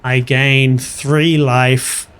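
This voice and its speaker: A man's voice: mid-range voice, very slow, clean tone. A man hosting a gaming channel, casually commenting on his matches and telling stories from work. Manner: chatty, animated anecdote-telling over gameplay.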